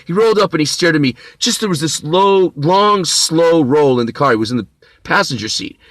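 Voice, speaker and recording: A man's voice: on the high side, very animated, quick pace, fairly bright tone, no room sound. A middle-aged man telling a personal story as a bitter, intense monologue, swearing often and stumbling over restarts. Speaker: vlogger.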